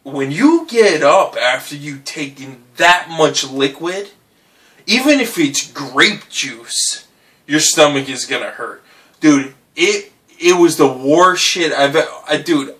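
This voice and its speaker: A young man telling a drunken story in casual, animated speech, swearing and asking "right?" again and again. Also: fairly high pitch, measured pace, recorded from a distance. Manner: animated, swearing, says "right?" and "dude" often. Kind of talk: casual anecdote.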